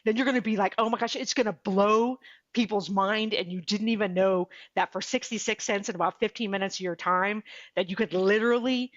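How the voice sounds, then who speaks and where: A woman's voice: medium pitch, a little fast, dry recording, highs cut off. A woman guest on a podcast interview, telling her story with animation and acting out what people said. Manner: animated, acts out quoted dialogue. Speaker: podcast guest, author and speaker.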